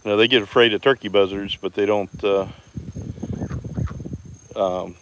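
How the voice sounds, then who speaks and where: The homestead vlogger speaks a little slowly in a lowish voice against a noisy background. He strolls outdoors on a live stream, talking into the phone he holds, relaxed and chatty while calling out viewers by name.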